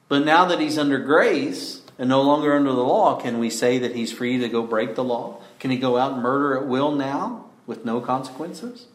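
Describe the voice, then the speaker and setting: Emphatic male preacher in an echoey room. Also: fairly high pitch. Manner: emphatic, asks rhetorical questions, slows for stress. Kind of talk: sermon.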